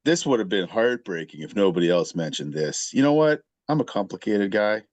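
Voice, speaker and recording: Opinionated low-voiced male film critic. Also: sing-song, brisk, a little mellow, dry recording. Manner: emphatic, opinionated. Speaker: podcast guest critic. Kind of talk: casual movie discussion.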